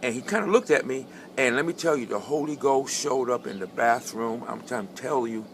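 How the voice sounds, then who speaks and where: A middle-aged man sharing a personal testimony in a conversational way, repeating phrases for emphasis and building to fervent high points. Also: brisk, a little hiss or hum.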